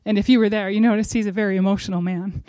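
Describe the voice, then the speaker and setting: A middle-aged woman giving a religious devotional talk, telling a personal story in a lively way and speaking straight to her listeners. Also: medium pitch, rapid-fire, no echo, clean studio sound. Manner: animated storyteller who acts out quotes and speaks directly to her listeners.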